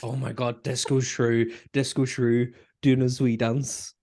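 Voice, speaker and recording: Animated Northern Irish man chatting. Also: medium pitch, a little slow. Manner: animated, swears, quotes lines in put-on voices, laughs often. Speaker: podcast co-host. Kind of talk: casual film review chat.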